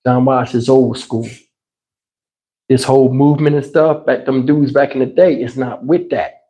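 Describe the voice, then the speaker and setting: A man hosting a livestream, telling a wild personal story in an excitable, conversational way. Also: medium pitch, moderate pace. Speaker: channel host.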